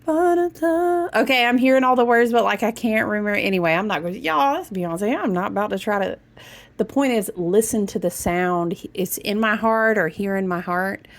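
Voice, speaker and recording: A woman giving a casual spiritual reading, with a voice that drops into a gravelly fry. She talks in a loose, animated way, rambling and cutting herself off mid-thought. Her pitch sits in the middle range for a woman. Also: fairly quick. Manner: chatty, animated, breaks into humming and hushing; rambling, self-interrupting, says y'all. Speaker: spiritual reader.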